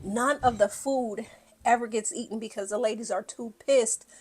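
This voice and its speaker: A woman's voice: a little high, normal speed, slightly rough. A woman giving a casual, blunt and profane recap of a reality show, acting out what people said. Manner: animated, blunt and profane, acts out quotes.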